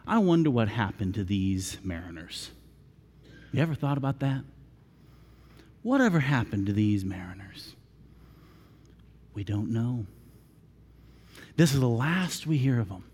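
A man preaching a sermon, retelling a story theatrically and swinging between shouts and whispers. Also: mid-range voice, big pitch swings, a little slow, pauses often, slightly rough. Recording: long reverb of a large room.

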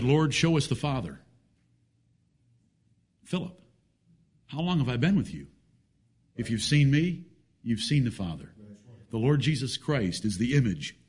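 A man's voice: medium pitch, darkish tone, breathy edge. A man preaching a sermon, emphatic, with rhetorical questions and folksy jokes.

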